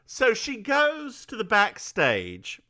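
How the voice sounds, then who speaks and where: A man's voice: sits high, huge pitch swings, slow pace, sharp tone. A man co-hosting a podcast, recapping a TV episode in casual, rambling, stop-start chat. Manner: says he is bad at accents. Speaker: podcast co-host.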